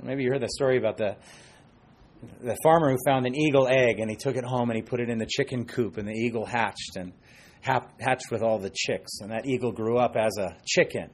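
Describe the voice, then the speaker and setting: Middle-aged man, husky pastor, animated sermon with soft asides. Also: mid-range voice, a little fast. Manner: animated, dips to soft asides, acts out quoted voices.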